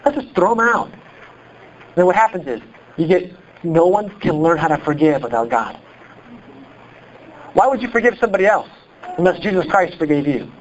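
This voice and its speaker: A pastor from Iowa with a Midwestern accent, preaching a sermon in an animated, conversational way full of rhetorical questions. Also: male voice, high voice, normal speed, pauses often, muffled recording, slight background noise. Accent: Midwestern American.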